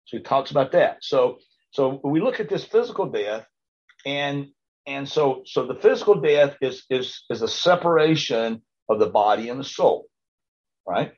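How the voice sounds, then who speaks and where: This man's husky, mid-range voice is expressive and moves at a moderate pace, captured in a dull lo-fi recording. Leading an informal Bible class, he rambles, often stammers and restarts, and keeps checking in with those listening.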